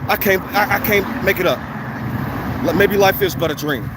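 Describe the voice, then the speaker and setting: Heated high-voiced man ranting outdoors. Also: moderate pace. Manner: blunt, heated, profane ranting. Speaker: vlogger. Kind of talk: walking vlog monologue. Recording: outdoor street noise, passing cars.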